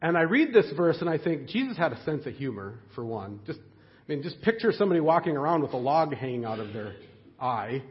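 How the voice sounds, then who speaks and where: A man preaching a sermon in a conversational, animated way, with frequent fillers and restarts. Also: on the high side, fairly quick, lo-fi sound. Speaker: pastor.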